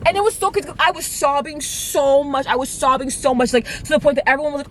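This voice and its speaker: Young woman, storytime vlog, animated and dramatic, fairly high voice, faint background rumble. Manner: animated and dramatic, quick asides to viewers. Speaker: vlogger. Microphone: camera mic.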